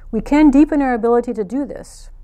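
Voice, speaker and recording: A woman's voice: fairly high pitch, fast talker, mellow. A woman, a meditation teacher, giving a spiritual talk built around a personal story, earnest and reflective.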